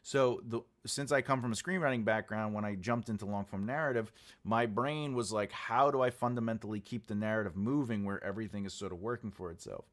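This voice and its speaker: Low-voiced man coaching fiction writing. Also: brisk. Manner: rambling, filler-heavy, talks directly to viewers. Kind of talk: casual livestream writing tutorial.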